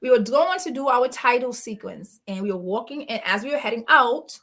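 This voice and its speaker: Blunt, emphatic woman with a high voice. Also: animated, brisk, fairly bright tone. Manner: blunt and emphatic, acts out quoted exchanges. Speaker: guest. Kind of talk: animated storytelling.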